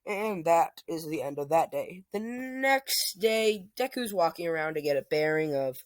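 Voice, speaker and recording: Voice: mid-range voice, animated, a little slow, dry recording. A young adult improvising a fan story, rambling with many fillers and restarts.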